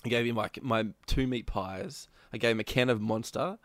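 A man's voice: medium pitch, normal speed, no room sound. A man casually retelling a gaming roleplay story, rambling and laughing often. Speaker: gamer recounting a roleplay session.

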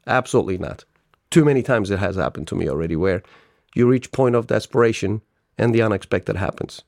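A man guest on a podcast interview, telling stories with lively acted-out dialogue and frequent laughter. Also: fairly low pitch, brisk, creaky, no room sound, studio quality. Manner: animated storyteller, laughs often, acts out dialogue. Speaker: business owner guest.

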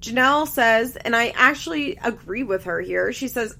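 A woman's voice: on the high side, expressive, moderate pace, creaky, few pauses, pushed and bright. A young woman chatting casually as she recaps a reality show, candid, laughing often and swearing freely. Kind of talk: casual chat.

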